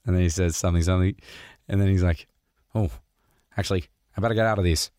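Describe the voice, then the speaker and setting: Low-voiced joking man hosting a podcast. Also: steady tone, quick pace, long pauses, a little mellow, no room sound, clean studio sound. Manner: jokey, rambling, laughs often. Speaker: podcast host. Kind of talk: casual Q&A chat.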